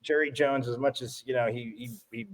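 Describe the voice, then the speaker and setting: A man co-hosting a casual sports talk show, rambling and restarting as he tells animated stories. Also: medium pitch, fairly quick. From from Phoenix area.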